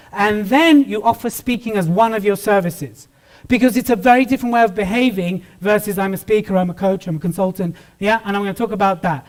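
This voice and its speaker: A British man giving a lively motivational talk on stage to a live audience, joking with the crowd. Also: high voice. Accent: British English. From Britain. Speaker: keynote speaker.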